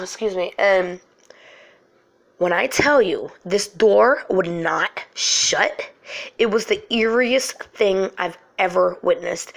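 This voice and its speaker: A middle-aged woman hosting a show, telling a true frightening story from her life in an animated, emotional way full of fillers. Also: mid-range voice, gravelly. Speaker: host. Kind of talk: personal storytelling.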